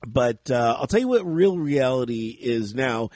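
A man hosting a casual podcast chat, quick to laugh and to act out how he reacted in jumps of voice. His voice sits in an ordinary middle range, and the close recording is dry, with no room sound. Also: mid-range voice, no echo. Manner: animated, laughs often, acts out his own reactions. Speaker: podcast host.

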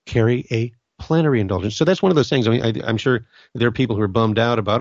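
A man's voice: mid-range voice, fast, darkish tone, no room sound, dull audio. A middle-aged man from Southern California talking about faith in a casual, earnest way, often restarting his sentences. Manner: conversational, earnest, many restarts. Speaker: Catholic podcast host. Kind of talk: casual spiritual talk.

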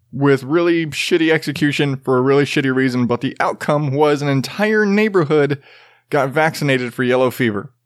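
A man's voice: a little high, dry recording, studio quality. A man hosting a casual news commentary show, rambling and profane, with jokey asides.

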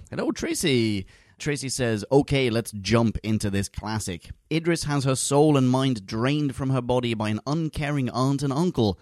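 A man hosts a casual podcast and reads listener reviews aloud with a playful, joking lilt. His voice sits at an ordinary pitch. The sound is close and completely dry. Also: normal speed, dry recording. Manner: jokey, giggly, reads listener mail in a lively voice.

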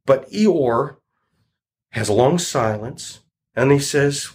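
Husky man explaining a moral. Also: mid-range voice, sing-song, unhurried. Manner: reflective, rambling explanation. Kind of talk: retelling a story with a moral.

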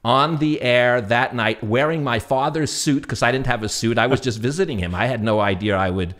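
A man with a New York accent, a guest telling animated stories in an interview, acting out voices and laughing often. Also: medium pitch, fairly quick. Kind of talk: storytelling interview.

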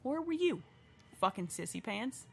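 A woman's voice: fairly high pitch, sing-song, normal speed, gravelly, soft background music. A woman riffing sarcastically on a movie in casual chat, swearing and laughing often. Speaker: movie commentator.

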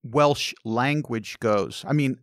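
A radio host in a relaxed manner, asking questions and laughing along with the guest. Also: medium pitch, slow pace, noisy background. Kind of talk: casual radio interview.

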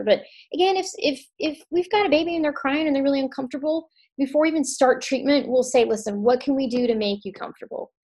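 A woman, a chiropractor guest on a podcast, talking casually with lots of fillers and restarts. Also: a little high. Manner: warm, chatty, many restarts and fillers.

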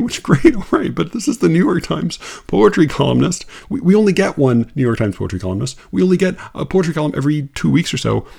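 A man's voice: mid-range voice, gravelly, a little mellow, husky. A man reading out a poetry review and mocking it in an incredulous, exasperated monologue, with laughing asides. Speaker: poetry critic.

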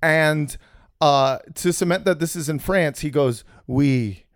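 A man's voice: a little high, measured pace. A man co-hosting a casual comedy podcast, recapping a film in a rambling, profane way with many restarts.

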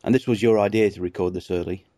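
A man's voice: on the low side, steady tone, quick pace, warm tone, dry recording. A man co-hosting a podcast, chatting casually, teasing and laughing often. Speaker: podcast co-host. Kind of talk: casual chat.

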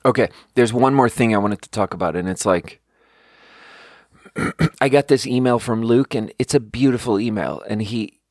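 A man's voice: medium pitch, normal speed, darkish tone, no echo, studio quality. A young man hosting a podcast, telling a story in a casual, rambling way and saying "like" a lot. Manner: rambling, conversational, heavy use of "like". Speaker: podcast host.

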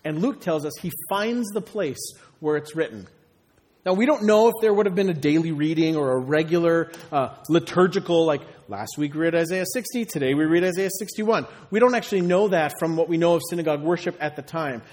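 A man's voice: a little high, brisk, a little mellow. A man preaching a sermon as a pastor, conversational and full of rhetorical questions. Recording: long reverb of a large hall.

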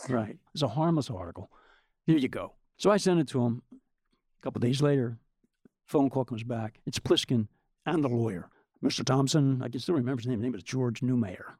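An older man telling a story in a dry, close-miked sound, his voice at a middle pitch. He is animated and slips into the voices of the people he quotes. He speaks as a guest in casual conversation. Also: brisk, breathy edge, dry recording. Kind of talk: anecdote in casual chat.

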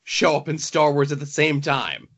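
A man's voice: fairly high pitch, moderate pace, fairly bright tone, husky. A man co-hosting a podcast, chatting casually in a wry, playful way. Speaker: podcast co-host. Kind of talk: casual chat. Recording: dull lo-fi audio.

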